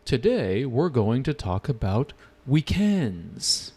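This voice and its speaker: A man putting on a chirpy, high test examiner. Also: sing-song, normal speed, a little mellow. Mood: formal. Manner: chirpy, greeting and asking simple questions. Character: cheerful, polite speaking-test examiner.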